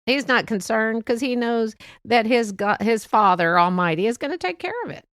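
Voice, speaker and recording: A middle-aged woman hosting a faith-based motivational talk, speaking in a gentle, reassuring and chatty way with soft laughs. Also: a little high, lively intonation, moderate pace, no room sound, studio quality. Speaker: podcast host.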